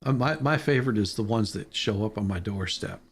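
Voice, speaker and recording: A man's voice: fairly low pitch, fairly quick, husky. A man hosting a casual live-stream chat, telling stories with laughter and casual swearing. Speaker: show host.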